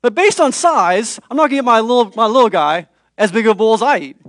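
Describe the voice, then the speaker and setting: A man in his thirties preaching a sermon, his voice sitting high for a man. He swings from near-whispers to raised, intense stretches as he tells the story. The sound is dry and close, with no room around it. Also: expressive, fast talker, no room sound. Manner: dramatic, shifts between hushed and raised voice for quoted figures. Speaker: pastor.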